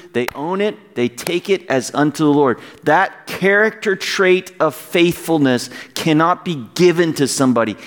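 A man preaching as pastor, passionate and at times near yelling, quoting scripture and urging his congregation. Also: a little high, big-room sound. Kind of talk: sermon.

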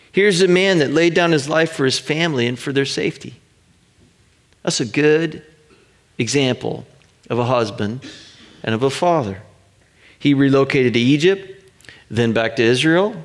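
Gravelly pastor preaching with slow emphasis. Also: male voice, mid-range voice. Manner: earnest, emphatic, drawn-out pauses for emphasis. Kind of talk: sermon.

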